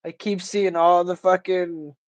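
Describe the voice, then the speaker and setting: Profane, rambling man with a high voice. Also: little pitch movement, measured pace, no echo, low-quality recording. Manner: rambling, profane, ranting storyteller. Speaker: livestream host. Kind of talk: casual livestream chat.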